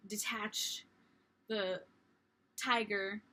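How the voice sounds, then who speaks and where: A young woman vlogger telling a story in a casual, animated, self-mocking way. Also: medium pitch, very slow.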